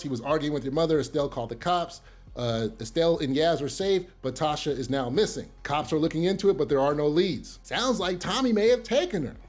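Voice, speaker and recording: Excitable high-voiced male recap host. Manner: animated, profane, excitable. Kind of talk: casual episode recap.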